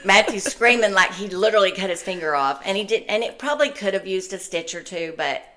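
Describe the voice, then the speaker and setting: An older woman hosting a podcast, telling family stories in casual chat, laughing often and acting out quotes loudly. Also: medium pitch, lively intonation, brisk. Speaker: podcast host.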